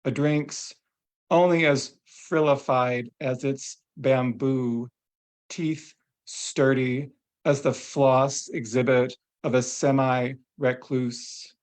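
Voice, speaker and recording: A man reading his own poem aloud in a measured, deliberate way. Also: mid-range voice, fairly even intonation. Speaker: poet. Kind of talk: poetry reading.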